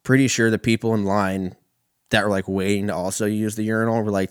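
A young man from California telling a profane, animated stand-up story. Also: fairly low pitch, a little fast, smooth, no echo, clean studio sound. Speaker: comedian.

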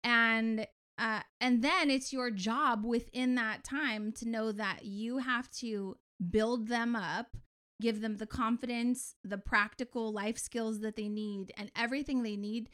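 A woman's voice: fairly high pitch, fairly even intonation, a little slow, fairly bright tone, clear, resonant tone. A woman co-hosting a podcast, telling a heartfelt story in a chatty, emotional way. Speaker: podcast co-host and parent. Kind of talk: casual chat.

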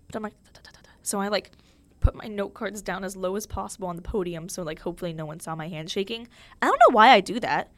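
A woman's voice: mid-range voice, fast talker, fairly bright tone, dry recording. A young woman hosting her own podcast in a casual, chatty way, full of fillers and self-mocking humor. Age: young adult. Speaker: podcast host. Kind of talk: casual solo podcast chat.

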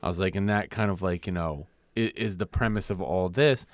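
A man with a lowish voice talks loosely as a podcast co-host, slipping into put-on voices when he retells scenes. The sound is dry and close, with no room around it. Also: a little fast, no room sound. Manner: animated, acts out scenes in voices, swears freely. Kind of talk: casual chat.

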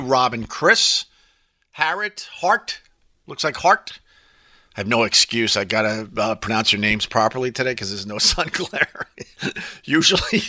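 A man hosts a live stream in an offhand, rambling chat, swearing freely as he answers viewer comments. His voice is strikingly bright and forceful. It sounds dry and close, with no room sound. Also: mid-range voice, creaky, no echo. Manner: loose and profane, with rambling asides.

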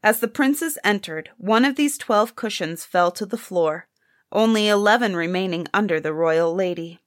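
A woman reading a fairy tale aloud in a measured, expressive storybook manner. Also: medium pitch, no echo, studio quality.

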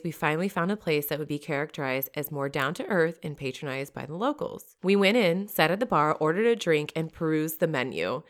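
A young adult woman co-hosting a podcast, chatting casually and reading funny stories aloud with easy laughter. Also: low voice. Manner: relaxed, laughs easily. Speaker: podcast co-host.

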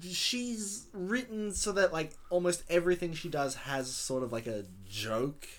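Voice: mid-range voice, unhurried. A podcast co-host talking through a film in a thoughtful, rambling way, full of fillers. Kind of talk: casual movie review chat.

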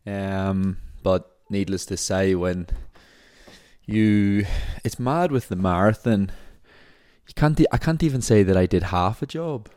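Deep-voiced man rambling in a casual vlog. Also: unhurried, darkish tone. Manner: rambling, chatty, many fillers. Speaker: marathon runner. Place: apartment indoors.

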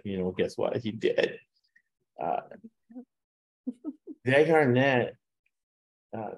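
Low-voiced man rambling about football picks. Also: darkish tone. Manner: rambling, frequent "uh" fillers, laughs at own jokes. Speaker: sports betting podcast host. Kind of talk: casual chat with picks.

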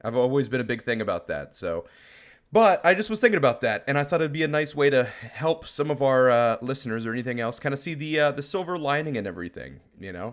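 A man's voice: mid-range voice, big pitch swings, quick pace. A young adult man co-hosting a podcast, telling rambling stories in casual chat and laughing often. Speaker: podcast co-host.

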